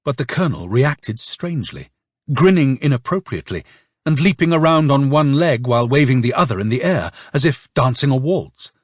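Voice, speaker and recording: A man narrating a novel as an audiobook, reading in an expressive, dramatic way. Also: mid-range voice, moderate pace, no room sound, studio quality. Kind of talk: scripted narration.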